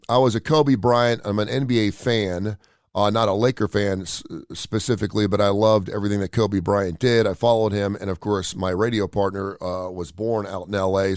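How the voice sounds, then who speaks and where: A middle-aged man hosts a morning radio show from his home studio. He talks in a low register, rambling and energetic, with plenty of fillers and restarts, and the sound is dry and close. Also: no room sound.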